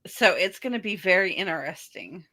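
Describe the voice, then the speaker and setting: A woman originally from the American South talks in a bright, crisp voice that sits fairly low. She chats on a podcast in a plain, matter-of-fact way. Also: very animated, moderate pace. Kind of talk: casual podcast chat.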